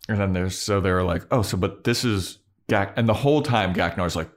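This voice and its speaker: A man's voice: sits low, brisk. A man co-hosting a podcast, casually recapping a TV episode and acting out the characters' lines with laughter. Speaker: podcast co-host.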